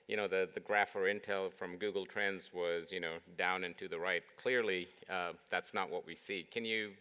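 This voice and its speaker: Moderator, man, very deep, monotone, smooth and bright, in a reverberant hall. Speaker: panel moderator. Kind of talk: moderating a conference panel. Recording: reverberant hall on stage mic.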